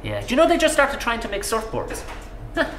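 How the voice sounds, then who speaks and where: A man's voice: very high voice, wildly swooping pitch, brisk, fairly bright tone, roomy sound, slight background noise. A man holding forth in a profane comic rant to a stranger at the pub. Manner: profane, ranting, conspiratorial. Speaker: pub regular in a comedy sketch.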